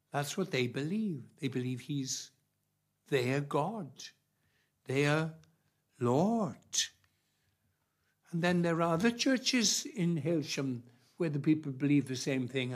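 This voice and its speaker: A man preaching a sermon, emphatic and repetitive, with long pauses between phrases. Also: a little high.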